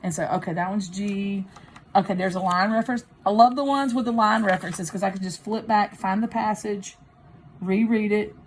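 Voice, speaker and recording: A woman's voice: medium pitch, moderate pace. A woman teacher demonstrating test-taking, thinking aloud as she works through a practice test. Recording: faint background noise.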